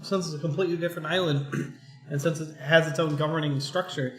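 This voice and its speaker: A man's voice: on the high side, fairly even intonation, quick pace, fairly bright tone. A man co-hosting a casual chat, joking and acting out quoted voices. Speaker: co-host. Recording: echoey room, faint music.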